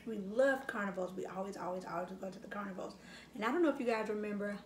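A woman's voice: mid-range voice, fast talker, a little hiss or hum. Middle-aged woman vlogging while eating, echoey room. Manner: reflective, reminiscing, frequent fillers. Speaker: mukbang vlogger. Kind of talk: casual chat while eating. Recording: echoey room with faint ambience.

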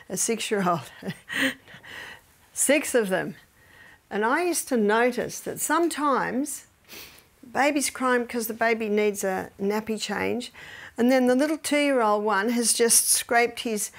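A woman's voice: fairly high pitch, a bit bright. A middle-aged woman gives a faith-based health lecture, telling stories with animation and often dropping to near-whispers.

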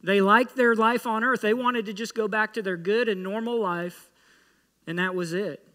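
A man's voice: high voice, fairly even intonation, moderate pace, bright, forceful tone, long reverb tail. A man preaching an emphatic sermon as pastor, pressing his point with rhetorical questions. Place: church sanctuary.

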